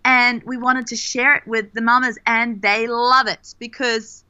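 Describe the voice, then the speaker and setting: Bright, playful Australian woman. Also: a little high, level tone, a little slow, dry recording, dull audio. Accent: Australian with American traces. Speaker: guest, company co-founder.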